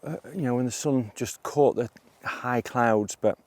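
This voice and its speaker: A middle-aged man, a landscape photographer, talking through his shots outdoors on a hillside, with excited, breathless bursts of wonder. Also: medium pitch, a little slow, dry recording. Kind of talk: outdoor vlog narration.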